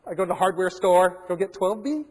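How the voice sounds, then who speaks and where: A man in his forties giving a keynote at a hotel conference, telling animated anecdotes with plenty of fillers. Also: high voice, fairly quick. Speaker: keynote speaker. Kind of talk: storytelling keynote. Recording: long reverb of a large hall.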